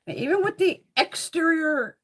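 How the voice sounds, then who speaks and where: On a beauty live stream, a middle-aged woman chats casually, swearing heavily, laughing often and telling animated stories. Her pitch is extremely high, she speaks at normal speed, and the background is noisy.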